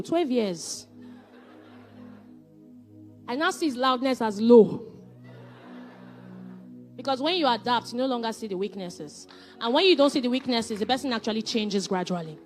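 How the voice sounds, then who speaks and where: High-voiced woman teaching on marriage. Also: measured pace, long pauses, soft background music. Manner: animated storytelling, repetitive emphatic phrasing. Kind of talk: faith-based marriage teaching.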